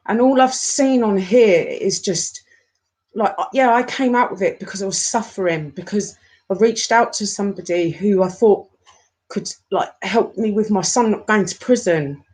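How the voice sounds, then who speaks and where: A woman in her forties, talking to her viewers in an upset, halting rant, often stopping and repeating herself. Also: mid-range voice, darkish tone. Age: 40s. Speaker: YouTuber. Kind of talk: emotional live-stream rant.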